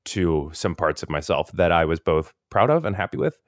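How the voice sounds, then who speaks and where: A man in casual podcast chat, rambling and interrupting himself with quick laughs. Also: low voice, very animated, no room sound, clean studio sound. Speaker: podcast co-host.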